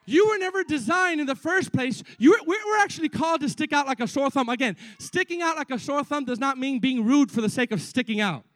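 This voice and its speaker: An excitable young man preaches in a very high voice, brisk and with hardly any pauses, stammering repeats and breaking off for asides to the congregation. His energetic sermon is captured dry and close, free of room echo.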